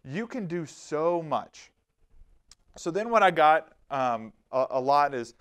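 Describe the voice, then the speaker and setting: Energetic man giving a church safety talk. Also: on the high side, takes it slowly, clear, resonant tone. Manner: energetic, animated, storytelling with acted-out quotes. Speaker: safety trainer. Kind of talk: lively live presentation.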